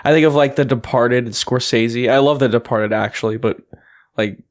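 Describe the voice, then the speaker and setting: A man's voice: medium pitch, normal speed. A man co-hosting a podcast in casual chat, rambling with lots of fillers. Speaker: podcast co-host.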